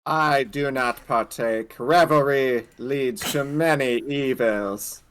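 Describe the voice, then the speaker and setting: A man's voice: medium pitch, slow, a bit bright. A man voicing a stern, humorless male crusader in a tabletop game, stiff and formal. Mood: solemn.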